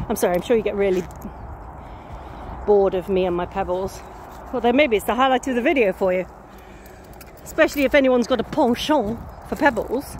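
A woman's voice: mid-range voice, fairly quick, pauses often, slight background noise. A woman in her fifties with a Nottingham accent, chatting casually and whimsically to camera while walking outdoors. She is a little sniffly and plays with made-up words. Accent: Nottingham English. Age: 50s. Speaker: vlogger. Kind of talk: casual rambling chat to camera. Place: outdoors on a country lane, walking.

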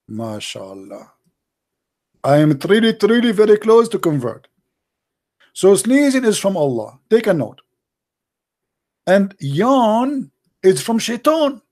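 A man's voice: sits high, a little mellow. A man giving mocking commentary, sarcastic and mock-incredulous. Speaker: debater hosting a call-in style talk.

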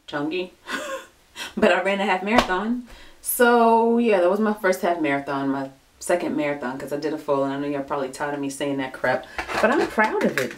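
A young woman chatting casually into her home camera, scattered and self-mocking, swinging from loud bursts to low mutters. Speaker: vlogger. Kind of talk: casual vlog chat.

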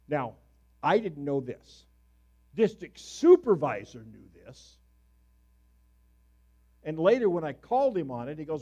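A middle-aged male pastor preaching a sermon with a fairly high voice. He tells stories in an easy way and breaks into sudden loud, animated bursts. His voice leaps up in pitch when he gets excited. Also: measured pace, pauses often, lo-fi sound.

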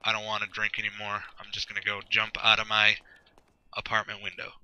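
A man's voice: on the low side, monotone, brisk, bright, forceful tone, smooth, dry recording, low-quality recording. A man giving rambling, sarcastic gameplay commentary, swearing often and talking to himself as he plays. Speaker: gameplay video host.

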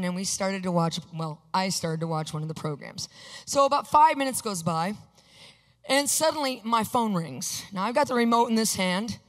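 A woman preaching a sermon, telling a personal story and acting out her own reactions with animated energy. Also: mid-range voice. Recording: long hall reverb.

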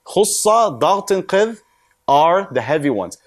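Man teaching Quran recitation, slightly high voice. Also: very animated. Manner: slow, drawn-out model recitation between quick explanations; asks the viewer questions and answers them himself. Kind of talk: recitation lesson.

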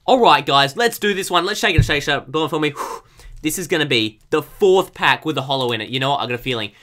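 A young Australian man casually chatting while opening trading card packs, goofy and excitable, breaking into loud shouts and giggles. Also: fairly high pitch, fast talker. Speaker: YouTuber opening trading cards. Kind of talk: excited casual unboxing chat.

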